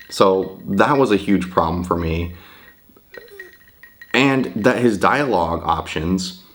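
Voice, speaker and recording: A man's voice: on the low side, a bit bright. A man giving a casual, rambling video game review, hesitant with lots of fillers and frequent swearing.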